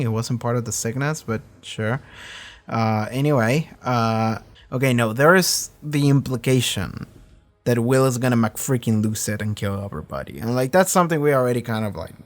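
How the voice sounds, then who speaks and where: A man with a hoarse, cracking voice hosting a casual reaction review, rambling and swearing freely. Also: medium pitch. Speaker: reaction video host.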